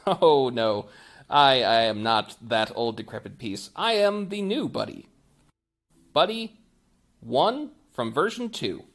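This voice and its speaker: A man's voice: mid-range voice, expressive, slow, fairly bright tone. A man voicing a smug, formal artificial intelligence that looks down on its older version. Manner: formal, superior. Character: smug upgraded AI assistant, male, calculating. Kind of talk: game master voicing a character.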